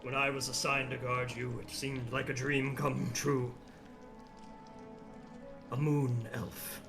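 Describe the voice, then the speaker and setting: A man voicing a gruff, zealous male werewolf leader in a tabletop game, with fervent, slow speech and music underneath. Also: mid-range voice, level tone, pitched below the performer's own voice.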